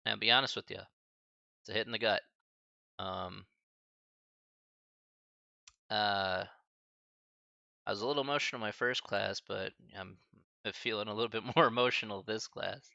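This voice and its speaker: Choked-up man with a gravelly voice. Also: fairly low pitch, sharp tone, no echo, highs cut off. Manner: halting and choked up, many restarts and sighs; casual, friendly, calls listeners buddy and man. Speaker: math professor streaming a class. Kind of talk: emotional farewell talk to a live stream chat.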